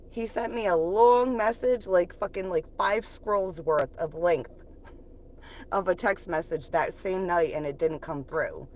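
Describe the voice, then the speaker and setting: A woman's voice: deep voice, slight background noise. A woman hosting a livestream, venting bluntly and profanely about an ex and often laughing. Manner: reflective when talking about moving on. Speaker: livestream host. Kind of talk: casual live-stream venting.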